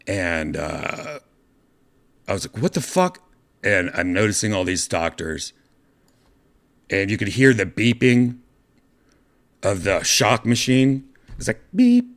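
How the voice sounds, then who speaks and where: A man's voice: sits low, fairly bright tone. A man hosting his own show, telling a rambling story and putting on voices for the people in it. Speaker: podcast host. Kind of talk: casual storytelling vlog.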